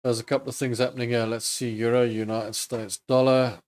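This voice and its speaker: A man's voice: mid-range voice, level tone, brisk, darkish tone. A man hosting a live trading stream, casually thinking aloud over charts and chatting with viewers. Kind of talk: live market commentary.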